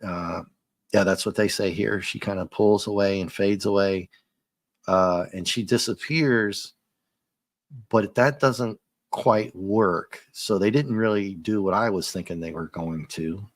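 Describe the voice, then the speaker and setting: A man's voice: lowish voice, unhurried, no room sound. A man giving a casual, rambling comic book review as he reads along, chuckling often.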